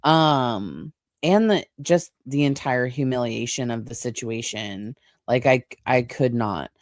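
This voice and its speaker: A woman's voice: very deep voice, dry recording, clean studio sound. A woman co-hosting a casual podcast, talking earnestly and with empathy about how things feel. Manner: unhurried, earnest and empathetic, dwells on feelings. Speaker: podcast co-host.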